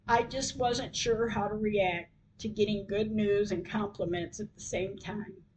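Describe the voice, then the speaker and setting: Slow-spoken older woman telling her story. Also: medium pitch, fairly even intonation, a little mellow, low-quality recording. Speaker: podcast host. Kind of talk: reading a personal story aloud.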